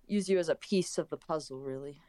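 A woman's voice: sits low, brisk, dark tone, no room sound, low-quality recording. A woman playing a tabletop game, chatting casually in and out of character with a hesitant, restarting manner. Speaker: player. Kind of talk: casual tabletop role-play.

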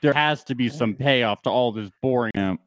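A man's voice: mid-range voice, normal speed, fairly bright tone, dry recording. A man co-hosting a podcast, talking loosely about a reality show, swearing and acting out his reactions. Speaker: podcast co-host. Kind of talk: casual chat about reality TV.

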